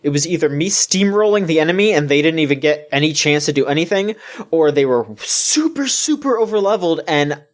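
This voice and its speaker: A man's voice: a little high, brisk. A man co-hosting a casual gaming podcast, ranting with heavy swearing. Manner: ranting, profane, animated. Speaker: podcast co-host.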